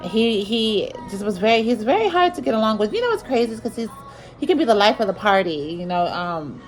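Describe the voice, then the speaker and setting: A woman's voice: a little high, big pitch swings, brisk, faint music behind, poor audio. A woman telling a personal story in a vlog, earnest and repetitive, with many restarts. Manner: earnest, repeats herself, many restarts and fillers.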